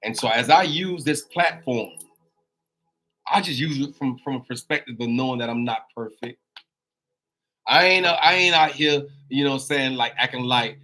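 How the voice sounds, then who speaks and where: A man with a bright, forceful voice at a middle pitch, delivering a preacher-style monologue on his own live show. He talks informally, circles back over his words and speaks straight to his listeners as y'all. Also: moderate pace. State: on a crutch with a swollen knee. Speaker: host of a daily live talk show.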